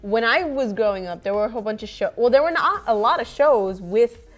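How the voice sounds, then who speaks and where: A woman's voice: fairly high pitch, lively intonation, fairly quick. A young woman co-hosting a talk show, steering the discussion casually with fillers. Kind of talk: casual panel chat.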